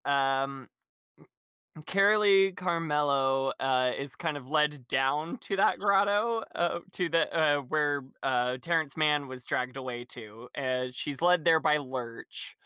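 A man chatting casually on a podcast, wandering through his thoughts with lots of fillers and laughter. His voice is bright and smooth, and the sound is dry and close. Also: on the high side, takes it slowly, no echo. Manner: rambling, laughs often, many fillers. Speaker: podcast co-host. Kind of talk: casual chat recapping a musical.

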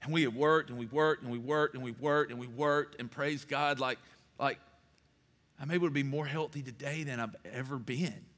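A man's voice: mid-range voice, steady tone, moderate pace, fairly bright tone. A middle-aged man, a pastor preaching a sermon in an earnest, personal way with emphatic repetition. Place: church sanctuary. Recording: long hall reverb.

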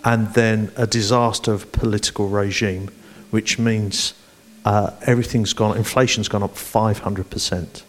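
A man's voice: lowish voice, moderate pace. Man telling church stories animatedly. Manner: animated storyteller, playful with the congregation. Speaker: church leadership development director. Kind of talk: onstage church interview.

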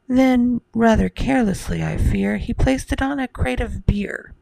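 Slow, husky woman in whispered role-play. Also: fairly high pitch, dry recording, poor audio. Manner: soft whisper, rhymed storytelling. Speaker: bedtime storyteller.

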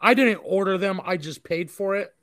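A man's voice: sits high, normal speed, a bit bright, dry recording, studio quality. Chatty, foul-mouthed man telling a story. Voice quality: profane, rambling storyteller. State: married. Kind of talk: casual storytelling chat.

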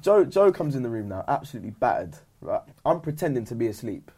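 A man's voice: mid-range voice, very animated, fast talker, mellow, slightly rough. A young man co-hosting a podcast, telling a story in slangy casual chat and acting out the voices he quotes. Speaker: podcast co-host.

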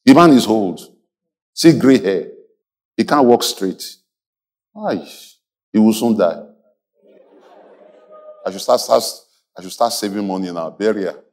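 A man preaching a sermon as a pastor, animated, laughing often and calling on the congregation to repeat after him. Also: fairly low pitch, a little slow, pauses often. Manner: animated preaching with call-and-response and frequent laughter.

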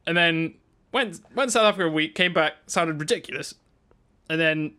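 A man's voice: fairly high pitch, moderate pace, pushed and bright, clean tone. A young English man co-hosting a casual podcast, telling a funny story and bantering with his friend. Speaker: podcast co-host. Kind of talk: casual chat.

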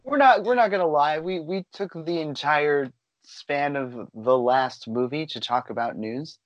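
A man's voice: fairly high pitch, unhurried, no room sound, highs cut off. A man co-hosting a podcast in casual chat, teasing his partner and laughing often. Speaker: podcast co-host.

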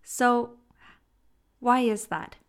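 A woman teaching self-help in a slow, deliberate way, with playful asides. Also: on the high side, clear, resonant tone. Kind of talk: motivational teaching monologue.

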